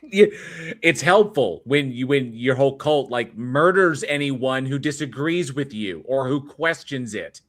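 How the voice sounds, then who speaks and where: A man hosting a livestream debate, dismissive and argumentative as he picks apart claims with talk of validity and soundness. He speaks at an ordinary pitch in loose, casual commentary. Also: animated, measured pace. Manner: dismissive, argues in logic terms, laughs often. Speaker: debate panel host.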